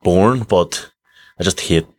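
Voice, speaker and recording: A man tells sweary, laughing stories in casual chat. His voice sits on the low side. The sound is close and dry. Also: a little slow, no echo. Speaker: guest boxer.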